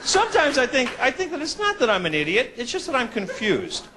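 A man performing stand-up with a high, very lively voice that swoops up and down as he acts out characters. He mocks himself as he goes, and the audience laughs along in the background. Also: fairly quick, some chatter behind, a little hiss or hum. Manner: animated, self-mocking, acts out characters. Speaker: stand-up comedian. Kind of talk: stand-up comedy routine.

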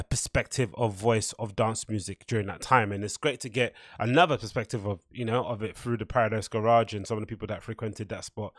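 A man's voice: medium pitch, no room sound, studio quality. Rambling man hosting a solo podcast. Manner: rambling, loose, filler-heavy. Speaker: podcast host.

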